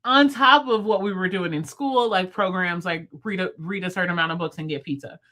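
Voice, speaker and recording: A woman in her thirties hosting a livestream, chatting casually with viewers, fast-talking and playful. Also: on the low side, bright, forceful tone. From United States. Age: 30s. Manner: talks fast, chatty and playful, laughs often. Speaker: livestream host. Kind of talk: casual live chat with viewers. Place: at home, in bed.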